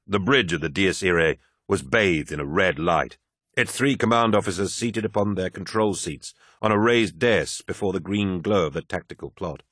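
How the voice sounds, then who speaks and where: Deep, forceful male audiobook narrator. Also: moderate pace, no echo, clean studio sound. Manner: steady, dramatic reading.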